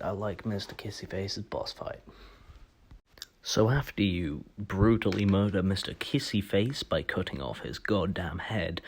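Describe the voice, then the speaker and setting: A man's voice: deep voice, husky. A young man casually recapping a video game, joking and swearing as he rambles along. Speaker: gaming YouTuber.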